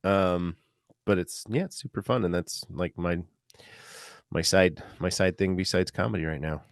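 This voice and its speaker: A man's voice: low voice, normal speed, dry recording, studio quality. A man, a comedian guest on a podcast, chatting casually in a rambling way with plenty of filler words.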